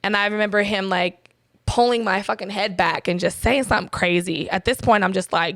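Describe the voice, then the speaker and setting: Blunt young woman with a gravelly voice. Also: medium pitch, fairly even intonation, moderate pace, fairly bright tone, no room sound, studio quality. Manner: blunt, profane, quotes herself and others. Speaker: guest. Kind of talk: candid personal storytelling.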